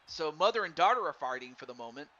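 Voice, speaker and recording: A man doing live play-by-play commentary on a wrestling game for a stream, excitable and stumbling over his words while chatting with viewers. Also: on the high side, fast. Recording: dull lo-fi stream mic with faint noise.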